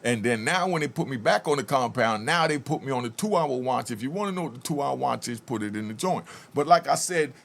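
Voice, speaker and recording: A man's voice: mid-range voice, lively intonation, fairly quick, gravelly, hardly any pauses, fairly bright tone. A man hosting a channel, casually commenting over a video and telling his own prison stories, acting out what people said and urging viewers to comment. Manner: storyteller who acts out quoted speech and keeps urging viewers to comment.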